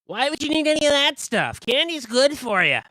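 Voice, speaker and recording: Tabletop character: a game master playing a brash male pumpkin-headed candy hawker, squeaked out high, bright and crisp, cheeky and pushy. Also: sing-song, a little fast, no room sound, full character voice. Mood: hawking.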